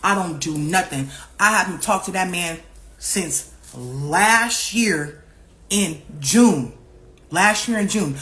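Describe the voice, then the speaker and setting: A young woman telling a casual storytime vlog, profane and animated, repeating herself and acting out what other people said. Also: fairly low pitch, slow pace. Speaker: vlogger.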